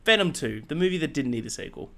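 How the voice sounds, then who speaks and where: A man co-hosting a podcast in casual chat, eager and excitable, swearing for emphasis. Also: on the high side, fast talker, gravelly. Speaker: podcast co-host.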